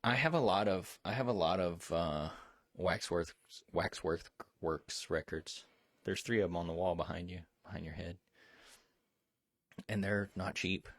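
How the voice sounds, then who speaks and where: Low-voiced man, rambling and excitable. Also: a little slow, no room sound, studio quality. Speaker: co-host. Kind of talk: casual chat.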